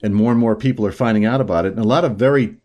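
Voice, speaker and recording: A man hosting solo political commentary, opinionated and halting, with frequent fillers and restarts. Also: on the low side, warm tone, lo-fi sound.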